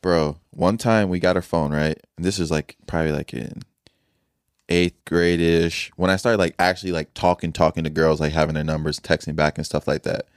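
A young man hosting a casual podcast, relaxed and slangy, laughing often as he talks. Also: sits low, moderate pace, clear, resonant tone, no room sound, studio quality. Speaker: podcast host.

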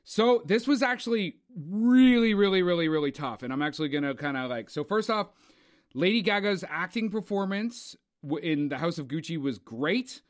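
A man's voice: sits high, lively intonation, normal speed. A man chatting casually about film awards, rambling with lots of fillers. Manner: rambling, filler-heavy, enthusiastic. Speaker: co-host.

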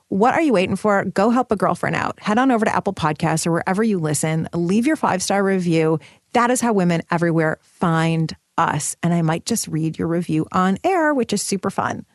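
A woman's voice: mid-range voice, no echo, clean studio sound. A woman hosting her own podcast in an upbeat, bubbly, emphatic motivational style. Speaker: podcast host. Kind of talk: upbeat solo podcast talk.

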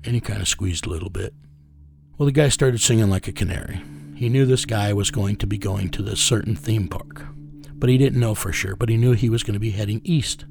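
A man's voice: lowish voice, brisk, gravelly, a little mellow. Blunt, profane man telling a story. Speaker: interview guest. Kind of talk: casual storytelling.

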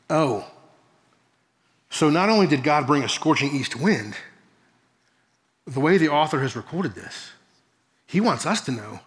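A man with a fairly bright voice on the high side preaches a Bible-teaching sermon, earnest and explanatory, posing rhetorical questions and occasionally correcting himself. The long reverb of a large hall surrounds him.

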